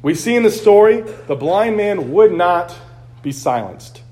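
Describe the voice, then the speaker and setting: A man's voice: sits high, sing-song, a little slow, mellow. A man preaching a sermon as pastor, earnest and conversational, acting out quotes along the way.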